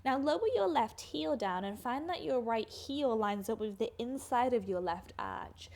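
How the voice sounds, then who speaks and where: A woman's voice: fairly high pitch, lively intonation, normal speed, vocal fry, a little mellow. A woman teaching a guided yoga class, coaching movement and breath in a soothing way, with audible sighs as she breathes out.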